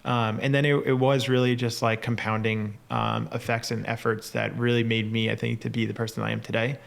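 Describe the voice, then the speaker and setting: A man's voice: medium pitch, level tone, creaky. A man with a New York area accent, a company founder talking passionately as a podcast guest, full of fillers. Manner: fast, filler-heavy, passionate. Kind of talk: casual chat.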